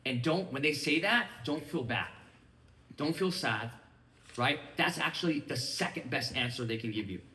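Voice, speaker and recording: A man in his thirties leading a casual training talk for a small group, quick and chatty, often acting out bits of dialogue. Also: mid-range voice, lively intonation, pushed and bright. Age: 30s. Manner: fast, casual, acts out quoted dialogue. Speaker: sales team leader. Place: room with a small audience. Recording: echoey room.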